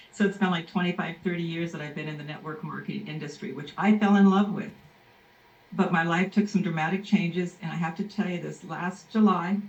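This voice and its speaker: A woman's voice: lowish voice, a little mellow. Emotional woman, distant and echoey. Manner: heartfelt, effusive, apologetic. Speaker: guest giving a testimonial. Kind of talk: emotional spontaneous testimonial. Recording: echoey, distant, dull sound.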